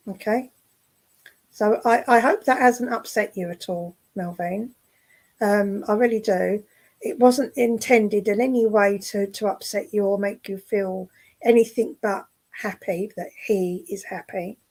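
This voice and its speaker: A woman working as a spiritualist medium in an online service, speaking gently and affectionately, with many fillers and restarts. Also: mid-range voice, measured pace, low-quality recording. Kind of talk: clairvoyant readings in an online service. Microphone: video call.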